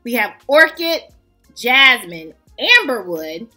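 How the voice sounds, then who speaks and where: A woman hosting a casual fragrance review vlog, chatty and excitable, greeting her viewers as family. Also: fairly high pitch, takes it slowly, faint music behind. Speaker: fragrance vlogger host.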